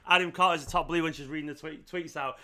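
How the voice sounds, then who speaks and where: High, bright-voiced young man. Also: fairly even intonation, fast talker. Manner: gushing, heartfelt, rambling. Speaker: fan channel host. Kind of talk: emotional live stream chat.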